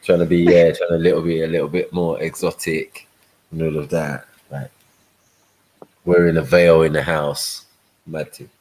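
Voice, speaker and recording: A man's voice: very deep voice, little pitch movement, normal speed, a little mellow, low-quality recording. A man hosting a livestream, joking and teasing in slangy casual banter. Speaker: livestream host.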